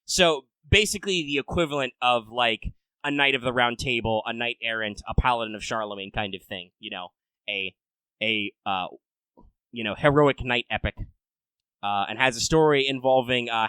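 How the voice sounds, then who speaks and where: A man hosting a casual podcast, rambling and swearing, swinging between loud rants and low mutters. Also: normal speed, clear, resonant tone, dry recording, low-quality recording. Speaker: podcast host.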